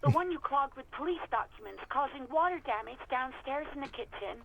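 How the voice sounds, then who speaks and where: A woman's voice: high voice, expressive, fairly quick, vocal fry, muffled recording, crowd noise. A woman voicing a weary young former hotel clerk who talks bluntly and with exasperation. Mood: exasperated.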